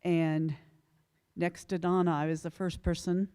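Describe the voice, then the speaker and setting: A woman speaks to a memorial gathering in a lecture hall through a handheld microphone. Her voice sits a little low and sounds mellow, and she talks in a plain, conversational way. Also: little pitch movement, measured pace, smooth. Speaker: family member speaking at a memorial. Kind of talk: personal remembrance to an audience.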